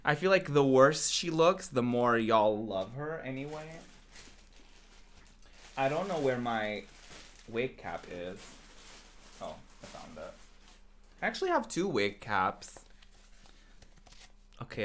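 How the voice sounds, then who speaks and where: A man's voice: medium pitch, sing-song, slow pace, pauses often, fairly bright tone. A male game streamer chatting casually and playfully with his viewers, teasing them and laughing often.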